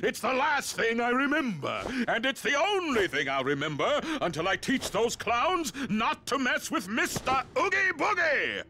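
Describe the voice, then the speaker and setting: A man's voice: very high-pitched, big pitch swings, moderate pace, few pauses, bright, forceful tone, a little hiss or hum, full character voice. An actor playing a boastful, cackling boogeyman who is a sack of bugs, in a video game cutscene. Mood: vengeful.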